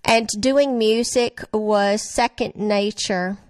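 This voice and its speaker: An older woman from Nashville, giving a sermon and reciting song lyrics in a slow, earnest, softly emotional way. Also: mid-range voice, steady tone, clear, resonant tone, dry recording. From Nashville, Tennessee. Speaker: speaker at a religious gathering.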